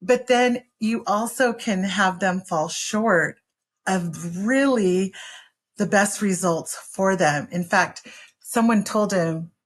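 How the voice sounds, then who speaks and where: A woman's voice: mid-range voice, slow. A woman co-hosting a podcast about parenting, speaking earnestly and encouragingly and laughing often. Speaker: podcast co-host, mother. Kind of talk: casual chat.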